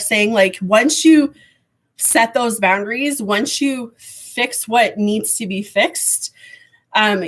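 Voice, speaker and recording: A woman giving a live tarot reading to viewers, rambling and hesitant with many fillers, her voice going hoarse with frequent throat clearing. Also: on the high side. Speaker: tarot reader.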